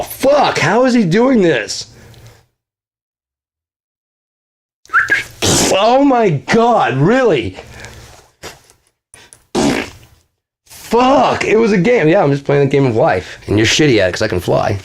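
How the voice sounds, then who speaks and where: A jittery, paranoid man who is sure he is cursed , as a man puts him on, swearing as he argues with himself. The voice jumps well above the performer's own and keeps a husky edge. He sounds near the end of his rope. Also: on the high side, huge pitch swings, moderate pace, pitched above the performer's own voice, exaggerated voice. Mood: frantic. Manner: exasperated, swearing, arguing with himself.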